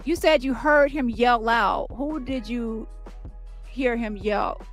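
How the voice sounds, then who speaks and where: A woman reading the part of an attorney questioning a witness in court, with brisk, pointed questions and faint music behind. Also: a little high, voice pushed up. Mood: probing.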